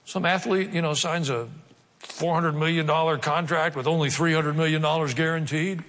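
A man preaching from scripture in a fairly high voice, slipping into wry jokes and quick put-on voices between verses. His words ring out with a long reverb through a large church hall. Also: fairly even intonation, a bit bright. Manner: humorous asides with mock voices. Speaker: pastor. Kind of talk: sermon.

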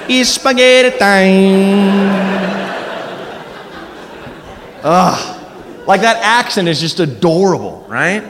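A man doing a stand-up comedy set, animated and bursting into silly character voices. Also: high voice. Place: comedy club stage, live audience. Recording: live club with reverb and background noise.

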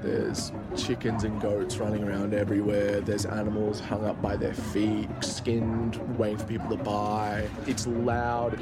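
A man in his twenties telling a personal travel story in a casual, vivid way with quick asides. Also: fairly low pitch. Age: 20s. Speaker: student storyteller.

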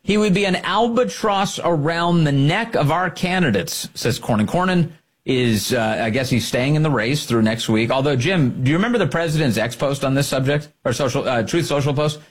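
A man's voice: a little high, lively intonation, normal speed, husky. A male host delivering combative political commentary, emphatic and fond of repeating his points for effect.

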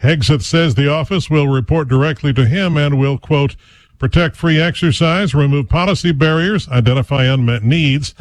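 A man reading a radio news report in a measured way. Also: fairly high pitch, no echo.

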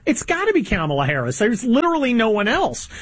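A man's voice: very high voice, wildly swooping pitch, fast talker, slightly rough, dry recording. A man in his fifties hosting a political talk conversation, opinionated and sarcastic, stumbling through many fillers. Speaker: host.

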